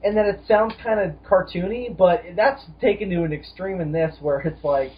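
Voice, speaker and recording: A man's voice: high-pitched, moderate pace. Ranting man on dull lo-fi audio. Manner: emphatic, profane, ranting. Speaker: podcast co-host. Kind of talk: casual film discussion.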